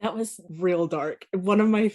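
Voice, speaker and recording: Animated woman retelling a cartoon plot. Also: fairly low pitch, measured pace. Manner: animated storyteller, retells plots at length. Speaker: podcast co-host. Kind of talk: casual chat.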